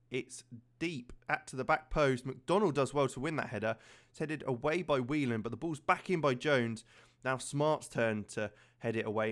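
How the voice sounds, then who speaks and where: A man casually commentating his own football management game, chatty and prone to fillers, getting excited at key moments. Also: mid-range voice. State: slightly out of breath. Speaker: gaming channel host.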